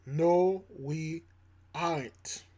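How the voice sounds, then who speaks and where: A man hosting his own channel, giving preachy reaction commentary, emphatic and repetitive, swinging between loud and soft. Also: on the high side, extremely slow. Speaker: channel host.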